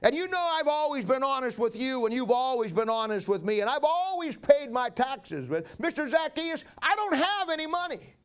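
Pastor voicing a frail pleading woman, very high. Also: big pitch swings, moderate pace, few pauses, a bit bright, clear, resonant tone, exaggerated voice. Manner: earnest, pleading. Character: weak, pleading sick middle-aged woman.

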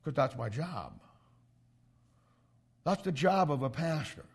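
A male pastor preaching to young ministry students, emphatic and animated, with frequent restarts. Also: on the high side, slow pace, gravelly, husky.

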